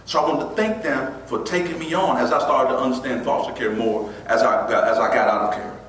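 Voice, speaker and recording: A man giving a motivational keynote, telling a personal story in a lively, conversational way with bursts of laughter. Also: medium pitch, fairly quick, a little hiss or hum. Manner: animated, breaks into laughter, imitates friends with quieter voice. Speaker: motivational speaker. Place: large hall before an audience. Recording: echoey hall, voice from far off.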